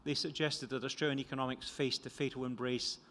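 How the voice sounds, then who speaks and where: A man's voice: mid-range voice, little pitch movement, brisk, a bit bright, a little hiss or hum. An older man with a Scottish accent giving a conference talk about his book, rambling and self-deprecating, with many restarts. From Scotland. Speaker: economist presenting a book. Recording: lecture hall reverb.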